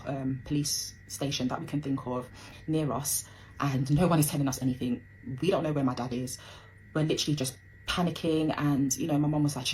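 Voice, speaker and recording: A woman's voice: extremely low pitch, darkish tone, a little hiss or hum, low-quality recording. A young woman telling a personal story in a casual, emotional rush, full of fillers. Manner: emotional, fast, breathless retelling with many fillers.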